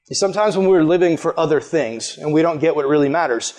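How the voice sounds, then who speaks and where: A man preaching a sermon in a casual, animated way, acting out the people he quotes. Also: on the high side, quick pace.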